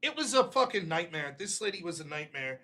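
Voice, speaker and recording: A male stream host rambles through crude stories from his youth, his voice pitched high and sounding bright. He talks casually and swears often, and he acts out the people he quotes. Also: big pitch swings, brisk. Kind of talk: casual storytelling on a live stream.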